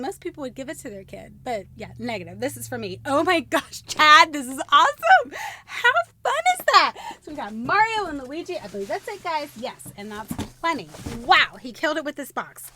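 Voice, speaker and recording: Bubbly, high-pitched woman unboxing crafts. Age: adult with a young son. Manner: gushing, gasping and squealing with excitement. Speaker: crafting channel host. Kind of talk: unboxing vlog.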